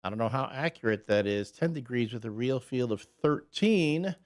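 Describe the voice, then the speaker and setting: Male morning radio co-host, mid-pitched, casual and rambling. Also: expressive, normal speed, faint music behind. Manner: chatty, loose delivery with fillers and restarts. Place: radio studio. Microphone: studio microphone.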